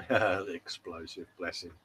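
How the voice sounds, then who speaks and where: A man's voice: low voice, fairly even intonation, a little slow, a bit bright, slight background noise. A man, a fellow model maker, chatting casually as a guest and teasing his friend with a laugh. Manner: teasing, laughs a lot, calls people mate. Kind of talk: casual chat.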